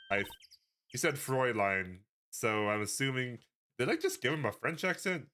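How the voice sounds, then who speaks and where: A man's voice: mid-range voice, big pitch swings, normal speed, sharp tone, slight background noise. A man voice actor commenting on a game playthrough with wry, self-aware asides. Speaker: voice actor streamer. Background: game music.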